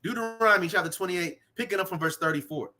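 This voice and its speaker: Fast and pushed, with a bright high voice, a man preaches with fervor outdoors in the cold. As a street preacher, he reads scripture aloud in an impassioned sermon, repeating "man" and "right" between lines.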